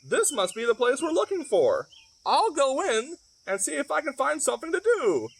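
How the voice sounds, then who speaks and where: A man's voice: very high-pitched, wildly swooping pitch, moderate pace, gravelly, slight background noise, pitched above the performer's own voice, heavily acted. A man doing a squawky, determined little hen. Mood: eager. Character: bored, bossy little hen determined to find fun.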